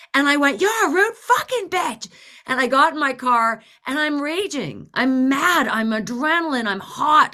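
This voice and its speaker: A woman in her forties tells a story in a bright, forceful voice. She is animated, swears freely and acts out each person in the tale. This is a relaxed, conversational podcast chat. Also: a little high. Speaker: podcast co-host.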